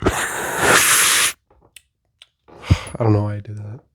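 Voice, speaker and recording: A young man in a casual confessional monologue, rambling and self-deprecating, often rising into animated rhetorical questions. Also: on the low side, drawn-out words, no room sound, clean studio sound. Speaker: vlogger. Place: his bedroom.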